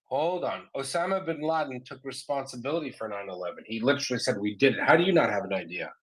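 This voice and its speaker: A man's voice: medium pitch, animated, fast talker, breathy edge, rough recording. A man from Canada hosting a heated live audio chat, who keeps cutting in with insistent interruptions.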